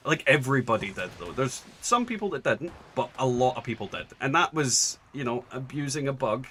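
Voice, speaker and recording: Brief: young man gaming streamer, bright forceful voice, profane rambling rant, light background noise. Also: mid-range voice, expressive, a little fast. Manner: ranting, profane, many restarts. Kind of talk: casual chat while gaming.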